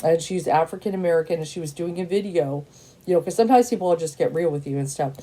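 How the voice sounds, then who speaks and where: A woman in her fifties with a lowish, mellow voice, talking straight to camera as a tarot reader. She is blunt and emphatic, swears casually, and circles back to repeat her points with plenty of "you know" and "and stuff". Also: fast. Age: 50s. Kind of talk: casual opinionated monologue.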